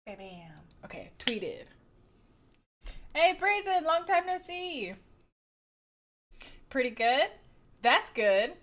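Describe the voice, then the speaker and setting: A woman's voice: high-pitched, sing-song, slow, long pauses, fairly bright tone, a little hiss or hum. A woman livestreamer chatting casually and greeting her viewers by name, giggling often.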